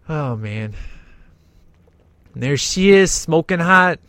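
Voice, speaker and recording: A man's voice: fairly high pitch, animated, drawn-out words, long pauses, fairly bright tone, smooth, dry recording. A man giving casual, jokey, enthusiastic commentary while watching a movie.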